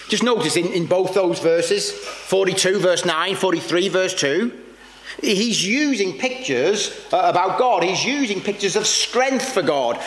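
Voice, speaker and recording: A man preaching a sermon in an earnest, searching way, often halting and repeating words as he reaches for the next thought. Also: sits high, lively intonation, fairly bright tone. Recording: long reverb with faint background noise.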